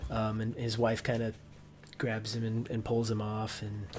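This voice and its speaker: A man's voice: on the low side, completely flat delivery, a little slow, darkish tone. A man narrating as game master of a tabletop game, rambling with many restarts and fillers.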